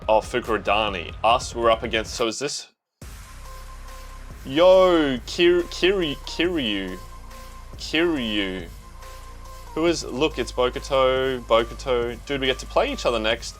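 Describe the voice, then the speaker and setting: A young Australian man giving casual, slangy reaction commentary to a manga, talking excitedly to himself and the viewer. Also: medium pitch, brisk, hardly any pauses, faint music behind.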